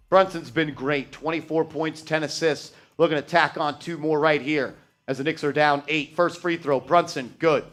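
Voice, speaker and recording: A man hosting a fan live stream, calling play-by-play and getting loud and profane when his team messes up. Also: on the high side. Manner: excitable, shouts and swears at bad plays.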